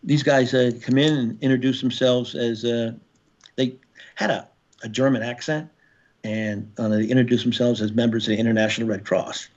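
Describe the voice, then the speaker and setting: An older man, a former Marine, telling his story as a podcast guest in a gritty, profane way with halting restarts. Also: mid-range voice, flat delivery, a little mellow. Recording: slightly dull lo-fi audio.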